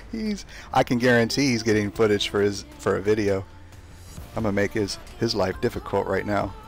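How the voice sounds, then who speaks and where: Young male game streamer, low gravelly voice, chatty running commentary. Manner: chatty, talks to himself while playing, trash-talks opponents. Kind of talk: casual live gameplay commentary.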